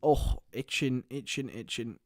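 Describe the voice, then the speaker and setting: A young man hosting a casual live stream, chatting with viewers by name and bursting into excited shouts. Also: mid-range voice, unhurried, dry recording, studio quality. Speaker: livestream host.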